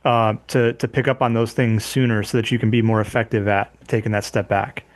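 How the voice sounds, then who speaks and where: A man's voice: lowish voice, little pitch movement, fairly quick. A man co-hosting a podcast, speaking thoughtfully with many restarts as he works toward a question for his guest. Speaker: podcast co-host. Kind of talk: podcast interview.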